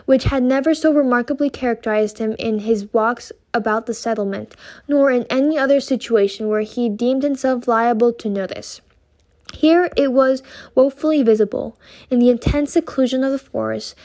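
Woman reading a classic novel aloud. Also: a little high. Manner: slow, careful reading with occasional stumbles. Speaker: reader.

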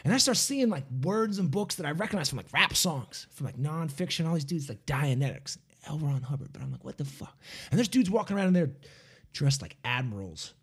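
Husky, high-voiced man, rapid and profane, animated storyteller. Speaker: podcast co-host. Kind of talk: casual chat, storytelling.

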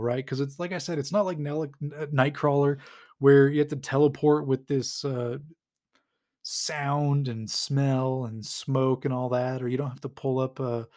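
A man's voice: medium pitch, darkish tone. A man recapping a comic story in casual chat, rambling with lots of fillers and frequent chuckles. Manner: rambling and amused, chuckles often, heavy use of fillers. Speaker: podcast host recapping a comic.

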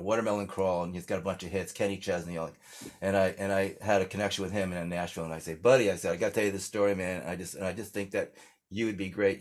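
An older man from the United States, a singer-songwriter appearing as an interview guest, talks in a lowish voice during a casual chat. He's a loose, rambling storyteller who restarts a lot and uses plenty of fillers.

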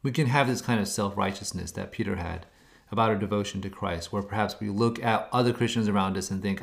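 Man, deep voice, gravelly fry, earnest exhorting devotional talk. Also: fairly quick. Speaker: devotional speaker. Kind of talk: scripted devotional reflection.

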